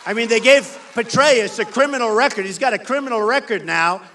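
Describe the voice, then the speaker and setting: A man's voice: extremely high pitch, a little fast, sharp tone, slight background noise. An American man giving an emphatic, repetitive campaign rally speech as a political candidate on a stage microphone in a large indoor venue.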